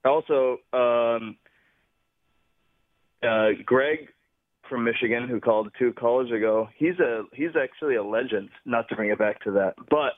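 A man's voice: mid-range voice, unhurried, no echo. A man calling in to a sports radio show, confident and chatty, laughing easily. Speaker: caller. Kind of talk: call-in sports chat. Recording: tinny phone line.

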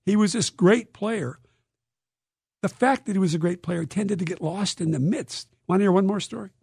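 A man, an author being interviewed, telling stories in a lively, dramatic way and acting out quotes. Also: sits high, moderate pace, creaky, breathy edge, no echo, studio quality. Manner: lively, dramatic storyteller who acts out quotes. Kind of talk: animated interview storytelling.

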